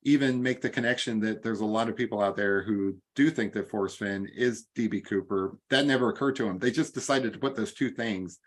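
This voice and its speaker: Male guest, low voice, a bit tipsy; relaxed, rambling talker. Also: brisk, few pauses. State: tipsy from drinking. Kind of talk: casual chat.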